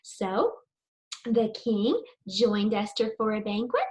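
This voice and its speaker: A woman's voice: mid-range voice, big pitch swings, slow, darkish tone. A middle-aged woman teaching preschool children, telling a story and leading circle time in a sing-song, encouraging way, asking them lots of questions.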